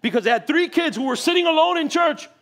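A man preaching a sermon in church, animated, acting out little voices and laughing often. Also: very high-pitched, fast. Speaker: pastor. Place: church sanctuary.

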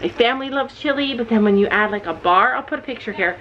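Chatty mom vlogger, dull audio. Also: female voice, on the high side, fast, fairly bright tone, slight background noise. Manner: chatty, rambling, lots of fillers. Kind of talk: casual vlog chat. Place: horse barn.

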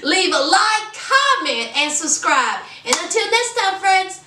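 A woman's voice: very high voice, sing-song, unhurried, noisy background. A woman giving a sassy, blunt casual recap of a reality show episode, recorded in an echoey room with the mic at a distance.

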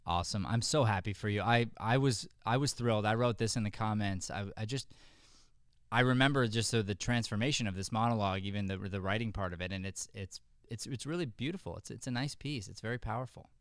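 A man's voice: on the low side, fast, no echo, studio quality. A man who teaches acting gives friendly, coaching feedback to a student over a video call, often restarting his sentences.

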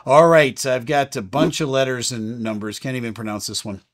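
A man in his fifties talks through how his job works with an easygoing, explanatory manner. His voice sits in a middle pitch, and he fills pauses with an unhurried "uh" as he goes. It sounds like a casual question-and-answer chat from a working captain. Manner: relaxed and explanatory, with frequent "uh" fillers.

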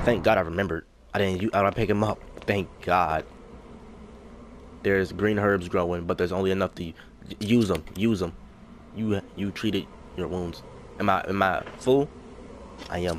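A man's voice: sits low, moderate pace, slight background noise. A young man playing a horror game, talking to himself and repeating lines as he goes, breaking into panicked yelps when danger hits. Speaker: gaming YouTuber. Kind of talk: let's play commentary.

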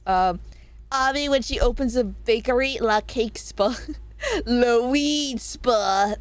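A young woman streaming casually, reading viewer messages out loud with giggles, jokey asides and plenty of swearing; her voice is going a bit hoarse. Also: on the high side, animated, takes it slowly, no echo. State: voice getting hoarse.

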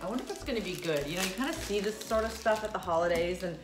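Chatty middle-aged woman host from Minnesota, lively low voice, echoey room with music behind. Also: racing. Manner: chatty, animated, laughs often. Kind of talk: casual food review chat.

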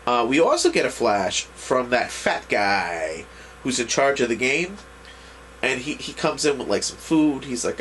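A man's voice: mid-range voice, normal speed, fairly bright tone, slight background noise. A man giving a casual, rambling recap of an anime episode, full of restarts and fillers. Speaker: anime reviewer.

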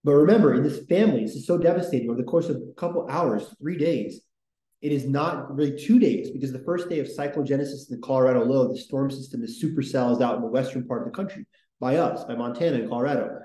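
A man's voice: mid-range voice, quick pace, mellow, reverberant, poor audio. A man hosting a casual history podcast, talking in a rambling, enthusiastic way with lots of fillers. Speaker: podcast host.

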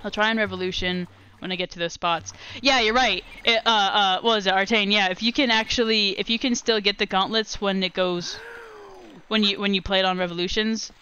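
Woman game streamer rambling along, bright sharp voice, faint music behind. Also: mid-range voice, brisk, clear, resonant tone, muffled recording. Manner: rambling and excitable, restarts and laughs often. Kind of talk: casual live gameplay commentary.

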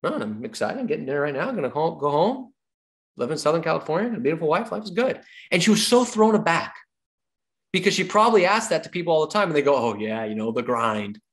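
A man giving an energetic sales training talk, repeating his key points like a coach and acting out little dialogues with clients. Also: fairly high pitch, fast. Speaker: real estate sales trainer.

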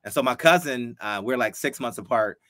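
A man in his fifties from Ohio, a guest telling animated stories in a casual interview and acting out the dialogue. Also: medium pitch, brisk, no echo, clean studio sound. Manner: animated storyteller who acts out quoted dialogue. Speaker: guest, former football player.

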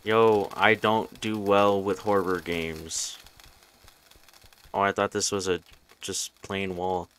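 A man's voice: deep voice, little pitch movement, slow, long pauses, a bit bright, clear, resonant tone. A young man giving nervous, swearing commentary while playing a horror game. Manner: jumpy, swearing, nervous chatter. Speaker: gaming YouTuber.

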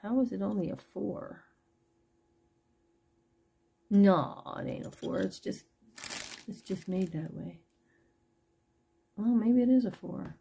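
Slow, gravelly-voiced woman selling jewelry. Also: mid-range voice, dark tone. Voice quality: gravelly, husky. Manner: chatty, pricing each piece aloud as she goes. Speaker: online jewelry seller. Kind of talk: casual live sales chat.

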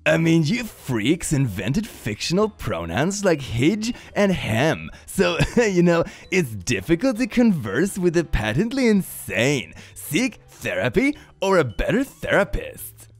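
A man voicing a smug fake alpha-male dating guru, lecturing with mock confidence in a gravelly, husky voice. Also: fairly high pitch, wildly swooping pitch, takes it slowly, few pauses, voice pushed up, full character voice.

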